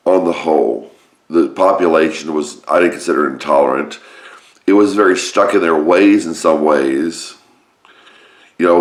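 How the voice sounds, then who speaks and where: Low-voiced rambling man with a Roanoke accent. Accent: Roanoke, Virginia. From Roanoke, Virginia. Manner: rambling, halting, many restarts. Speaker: vlogger. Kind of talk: casual spoken monologue. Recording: roomy echoey room.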